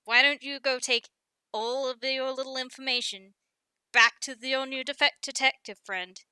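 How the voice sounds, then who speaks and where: A woman voicing a tiny, bossy toon man who loudly scolds and protects his brother, in a tabletop role-play. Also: a little high, slow pace, clean tone, dry recording. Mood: angry scolding. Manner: loud, scolding, bristling.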